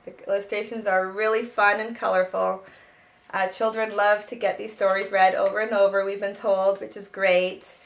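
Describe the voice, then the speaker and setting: A woman's voice: mid-range voice, little pitch movement, moderate pace. A woman who teaches self-help and writes children's books, giving spoken advice in an earnest way with many restarts.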